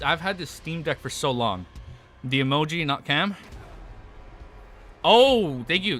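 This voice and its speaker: A man's voice: fairly high pitch, pushed and bright, slight background noise. A young man live-streaming in casual chat, hyped up, swearing often and rambling with restarts.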